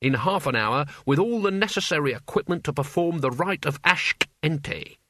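A man voicing a gruff, irritable old male wizard who snaps his words bluntly and impatiently, in a storybook reading. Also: a little high, expressive, moderate pace, bright, forceful tone, slight background noise. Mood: commanding.

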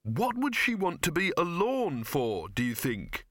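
A man's voice: a little high, wildly swooping pitch, unhurried, a bit bright, no echo, clean studio sound, voice pushed up, exaggerated voice. A man voicing a nervous, earnest young man who asks anxious, raised questions.

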